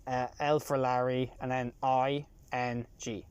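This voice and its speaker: A young Irish man in his twenties, a taxi passenger explaining things in relaxed casual chat, with many fillers and restarts. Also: medium pitch, slow pace, clean tone, lo-fi sound. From Ireland. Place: inside a taxi.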